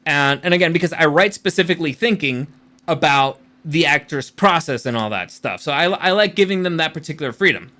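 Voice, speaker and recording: A man's voice: fairly high pitch, expressive, fairly quick, sharp tone. A man hosting a channel and speaking as a screenwriter, giving casual rant-style commentary in a rambling, blunt way with free swearing.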